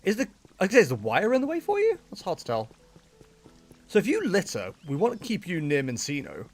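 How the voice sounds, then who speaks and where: Soft music plays behind a high-pitched, brisk male streamer who keeps up animated, casual talk during his game. He frequently laughs while speaking to viewers and to the game's characters.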